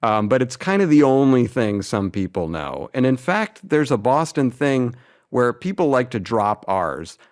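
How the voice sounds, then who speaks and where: A man's voice: mid-range voice, very animated, measured pace. A man hosting a podcast, asking rambling questions with fillers and laughter. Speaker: podcast host. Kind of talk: casual interview.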